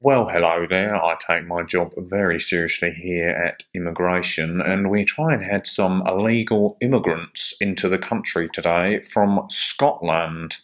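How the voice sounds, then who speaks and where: A pompous middle-aged immigration officer, played by a man speaking in a low, slow, deadpan drone. He sounds smugly self-important.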